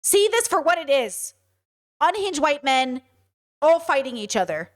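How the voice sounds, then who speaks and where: A woman's voice: high-pitched, very animated, a little slow. A young adult woman giving blunt, exasperated, profane commentary on protest footage. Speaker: commentary streamer.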